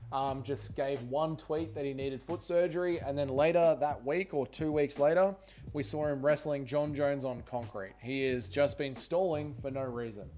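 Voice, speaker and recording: A man's voice: mid-range voice, normal speed, a little mellow. A man hosting a casual livestream watch party, tipsy and rambling loosely with plenty of swearing. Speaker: livestream host.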